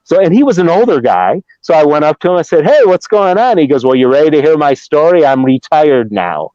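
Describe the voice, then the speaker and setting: A middle-aged man from Ohio tells a long story casually, circling back and acting out quotes as he goes. His voice sits a little high for a man. The sound is dull and lo-fi, with no room echo at all. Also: sing-song, a little fast, mellow. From Ohio, USA. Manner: rambling, with restarts and acted-out quotes. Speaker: Bigfoot researcher guest. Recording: dull lo-fi dry remote audio.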